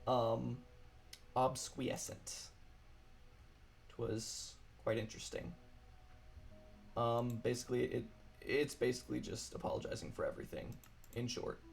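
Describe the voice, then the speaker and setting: A man's voice: mid-range voice, flat delivery, normal speed, vocal fry. A man chatting casually while streaming a game alone at his computer, apologetic and rambling.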